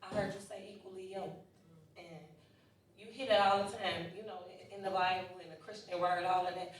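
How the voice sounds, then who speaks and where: A woman's voice: medium pitch, steady tone, brisk. A woman in the audience putting a direct, pressing question to the panel. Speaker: audience member asking a question. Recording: echoey room, distant from the mic.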